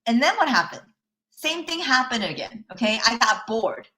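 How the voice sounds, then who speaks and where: A woman's voice: a little high, big pitch swings, moderate pace, sharp tone. A woman life coach giving a live online workshop, telling a personal story in a chatty way, often checking in with listeners and laughing lightly between points.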